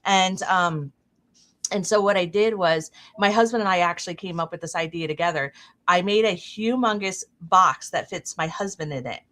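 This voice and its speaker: A middle-aged woman hosting a casual chat stream, telling a long anecdote with fillers and lively quoted voices. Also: lowish voice, moderate pace. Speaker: stream host.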